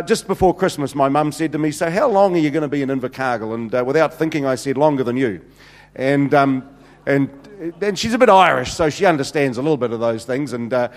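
A middle-aged man, a senior pastor telling funny stories in a sermon with many fillers. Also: medium pitch. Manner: humorous, anecdotal, many fillers. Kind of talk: sermon storytelling. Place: church hall. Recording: long hall reverb.

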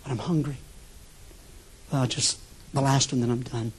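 An older man preaching a sermon as a pastor, telling stories with sudden shifts between loud bursts and hushed asides. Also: mid-range voice, fairly even intonation, normal speed, a little hiss or hum.

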